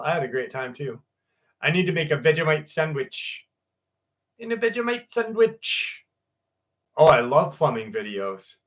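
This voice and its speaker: Male live-stream host, casual and jokey, bright tone, somewhat high voice. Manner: loose and chatty, swears and laughs easily. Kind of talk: casual sign-off chat with viewers.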